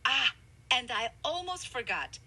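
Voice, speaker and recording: A woman narrating a scripted grammar lesson, explaining clearly with emphasis. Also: high voice, big pitch swings, measured pace, bright, forceful tone, low-quality recording. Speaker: language instructor.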